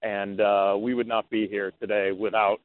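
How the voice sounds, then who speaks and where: Excited rambling man on a phone line. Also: fairly low pitch, moderate pace. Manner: excited, rambling, many fillers and restarts. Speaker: racehorse syndicate founder. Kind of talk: storytelling interview answer.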